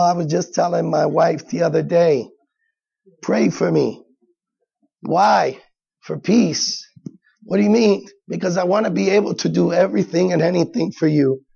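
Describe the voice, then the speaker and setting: A high, gravelly male pastor preaches in an easy, conversational way and slips into little acted asides. His voice is husky and the recording sounds dull and lo-fi. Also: mellow. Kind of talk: sermon.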